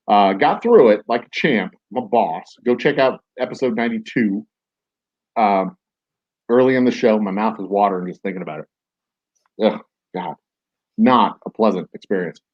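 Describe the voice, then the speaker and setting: A man's voice: mid-range voice, a little mellow, husky, highs cut off. Rambling man telling a story. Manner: rambling, with many "like"s and restarts. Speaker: podcast host. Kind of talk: casual storytelling.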